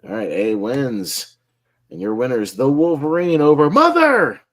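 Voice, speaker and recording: A man's voice: medium pitch, lively intonation, moderate pace, darkish tone. A man hosting a casual online group chat, upbeat and laughing often as he runs the votes. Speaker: host.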